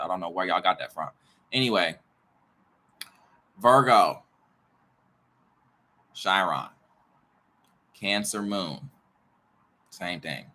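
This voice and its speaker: A man's voice: lowish voice, pushed and bright. A man who teaches astrology and tarot, rambling in a casual monologue, repeating himself, jumping between ideas and muttering swears.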